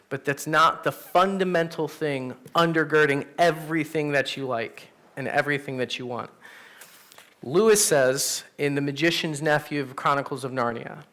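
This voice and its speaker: A man, a pastor, teaching an adult Sunday class in a church room, telling stories in a casual, animated way. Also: fairly high pitch. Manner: animated, storytelling, conversational with fillers. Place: church classroom with teens present.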